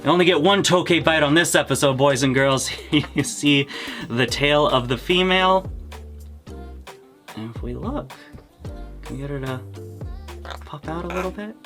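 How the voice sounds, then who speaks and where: A young man hosting a casual reptile vlog, excitable, laughing often and cursing casually. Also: mid-range voice. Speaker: reptile breeder and channel host.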